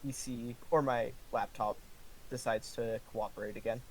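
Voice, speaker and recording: A man playing a tabletop game and talking casually with the group in an unhurried way. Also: medium pitch, steady tone, slight background noise. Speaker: player.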